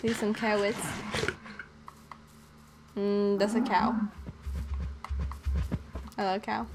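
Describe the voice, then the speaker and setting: A woman's voice: medium pitch, flat delivery, drawn-out words, pauses often, over music. A young woman chatting playfully while playing a video game, greeting the animals she meets. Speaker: gamer. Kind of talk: casual game commentary.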